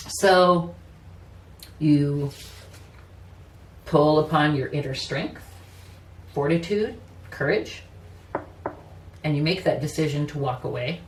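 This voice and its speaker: Speaking slowly with long pauses, a tarot reader delivers a casual, personal reading in a voice that sits low; she laughs easily and keeps saying "you know." Slight background noise accompanies a distant mic, faint ambience and a roomy echo.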